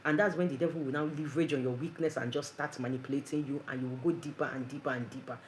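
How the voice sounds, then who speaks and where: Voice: mid-range voice, steady tone, fast talker, a little hiss or hum, rough recording. An earnest preacher gives a conversational devotional talk full of rhetorical questions.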